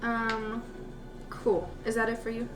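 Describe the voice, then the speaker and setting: A woman playing a tabletop game, asking quick, animated questions about the action. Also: on the high side, poor audio. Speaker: player. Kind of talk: casual tabletop play. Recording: music playing underneath.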